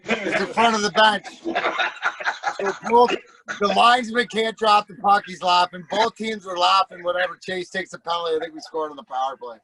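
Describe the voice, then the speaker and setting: A middle-aged man, a former hockey player and podcast guest, telling profane stories in a casual, animated way and acting out the voices. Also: sits high, normal speed, rough recording. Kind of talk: casual storytelling.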